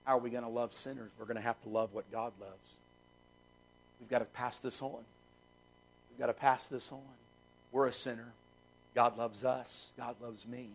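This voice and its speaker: A man's voice: steady tone, moderate pace, gravelly, long pauses, low-quality recording. A man preaching a sermon, emphatic, repeating phrases and swinging his voice up and down for emphasis. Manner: emphatic preaching with wide swings in pitch and loudness. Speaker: pastor.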